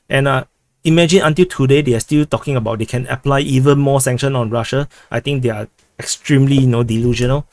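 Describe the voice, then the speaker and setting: Singaporean man, halting livestream chat. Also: mid-range voice, a little mellow, dry recording. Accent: Singaporean English. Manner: halting, repeats words, frequent "uh" restarts. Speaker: livestream host answering viewer questions. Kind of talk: casual livestream commentary.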